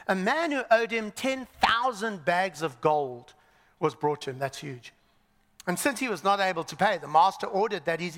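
A male preacher delivering a sermon in an animated style, swinging between loud and hushed. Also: sits high, long reverb tail.

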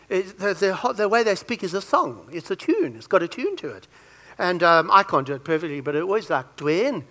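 A man preaching a sermon, joking and telling personal stories as he makes his point. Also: high voice. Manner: animated, joking storyteller.

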